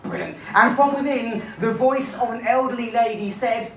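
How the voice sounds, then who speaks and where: A woman's voice: on the high side, normal speed, fairly bright tone, slight background noise. A woman magician and comedian telling a comic story to a live audience, playful and coaxing a volunteer along. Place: comedy club stage. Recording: echoey room, voice from far off.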